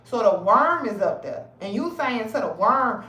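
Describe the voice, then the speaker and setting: A woman's voice: a little high, echoey room, far from the mic, poor audio. A woman ranting bluntly and with lots of swearing in a casual livestream talk. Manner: profane, blunt, animated, talks fast and heated. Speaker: health advocate streamer. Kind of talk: casual live-stream rant.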